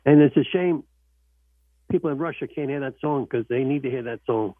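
A man's voice: medium pitch, a little fast, no echo. A man hosting a radio talk show in casual chat, earnest and repeating himself for emphasis. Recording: dry tinny phone-like sound.

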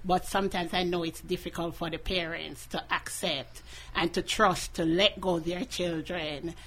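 A woman speaking as a guest in a radio studio interview, earnest and measured. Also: fairly low pitch, steady tone, fairly bright tone.

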